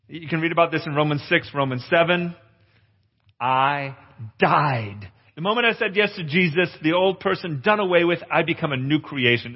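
A husky, slightly high male voice belongs to a forties-aged pastor giving a testimonial sermon at a conference. He's earnest and confessional but drops playful remarks to the crowd, and the echoey hall leaves the audio a bit dull.

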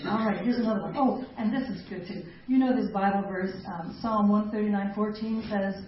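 A woman's voice: medium pitch, steady tone, a little fast. A middle-aged woman leading a women's ministry talk, chatty and self-mocking, laughing often between points. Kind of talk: live talk to a women's group. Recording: echoey hall, distant mic, dull lo-fi sound, faint noise.

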